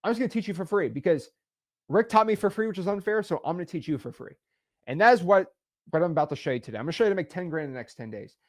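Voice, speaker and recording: A man in his twenties, a real estate wholesaling educator, talking emphatically and repeating himself as he pitches directly to the camera. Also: lively intonation. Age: 20s. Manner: emphatic, repetitive, fast-talking, self-assured.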